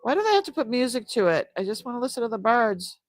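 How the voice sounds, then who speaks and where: A woman's voice: on the high side, big pitch swings, fast talker, a little hiss or hum. A middle-aged woman hosting a live jewelry sale, chatting casually with her viewers, often laughing and trailing off mid-sentence. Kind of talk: casual live-stream chat.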